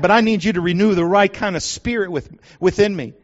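A man preaching a sermon, swinging dramatically between hushed and loud. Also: high-pitched, brisk. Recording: lo-fi muffled recording.

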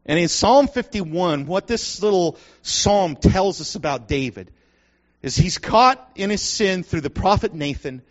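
A male preacher with a high voice that leaps up and down his range. He moves dramatically from near whispers to loud declarations, heard through a muffled, lo-fi recording. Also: lively intonation, measured pace. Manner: dramatic, swings between hushed and loud. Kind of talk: sermon.

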